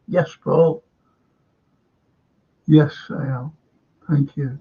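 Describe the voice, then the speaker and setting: An older man with a Liverpool accent hosts a live stream, his voice on the high side, slow and edged with breathiness. He chats casually and reads out viewer comments, rambling and restarting often. The stream audio is dull and lo-fi.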